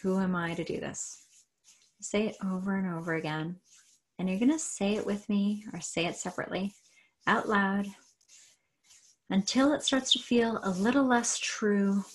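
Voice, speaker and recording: Husky woman coach guiding tapping. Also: medium pitch. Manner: slow, repetitive guiding cues. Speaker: coach and trainer. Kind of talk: guided tapping exercise.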